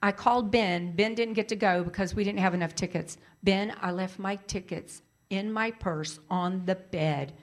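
Animated woman telling a story. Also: mid-range voice, moderate pace, hardly any pauses. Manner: animated, emphatic, repeats for emphasis. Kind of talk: casual storytelling.

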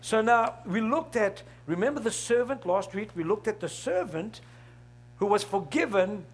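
A man's voice: high-pitched, lively intonation, normal speed, husky. A middle-aged man preaching a sermon, asking the congregation questions and laughing along with them. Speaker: pastor.

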